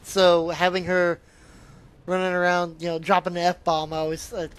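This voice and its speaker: A man's voice: sits high, monotone, moderate pace, fairly bright tone, a little hiss or hum. A man giving a casual, rambling spoken review of a video game, often trailing off and restarting his sentences.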